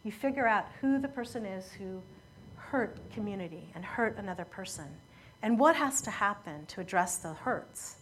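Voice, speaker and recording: A woman preaching a sermon, telling a story in an earnest, measured way that often falls quiet at emotional moments. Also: medium pitch, expressive, slight background noise.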